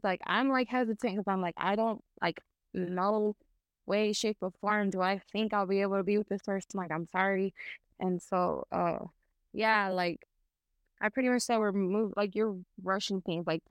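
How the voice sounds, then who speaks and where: Clear-voiced woman in her twenties, rambling. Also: medium pitch, steady tone, moderate pace, dry recording. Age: 20s. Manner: rambling storytelling with many fillers. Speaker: podcast co-host. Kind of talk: casual chat.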